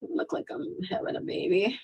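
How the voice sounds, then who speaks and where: A hoarse woman who is losing her voice, chatting in a scattered, rambling way on a live stream and swearing freely. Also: normal speed, dull audio.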